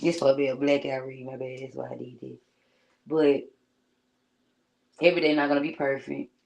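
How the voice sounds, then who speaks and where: Low-voiced woman in casual slangy chat. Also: little pitch movement, brisk, creaky, darkish tone, low-quality recording. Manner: slangy, conversational, keeps addressing viewers as friend. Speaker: vlogger. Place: at home. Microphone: streaming setup.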